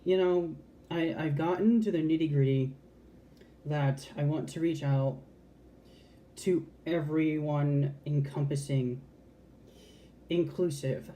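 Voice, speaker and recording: A woman's voice: low voice, steady tone, slow pace, pauses often, mellow. A trans woman talking frankly to camera in a casual, heartfelt vlog, swearing freely and restarting her sentences. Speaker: vlogger.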